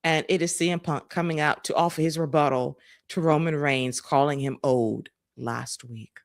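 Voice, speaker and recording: A woman co-hosting a podcast, recapping wrestling with animated, sarcastic, profane commentary. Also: deep voice, normal speed, dry recording, clean studio sound. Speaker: podcast co-host.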